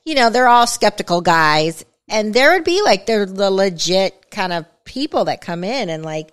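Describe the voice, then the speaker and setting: A woman's voice: mid-range voice, big pitch swings, normal speed, smooth. A woman co-hosting a podcast in casual chat, talking in a chatty way with many fillers and asides. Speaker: podcast co-host.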